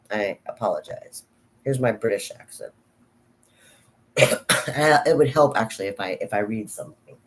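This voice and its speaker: A middle-aged American woman chatting casually in a vlog about acting, rambling with many restarts and asides. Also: rumbling low. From United States. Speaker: vlogger, actor. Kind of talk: casual chat.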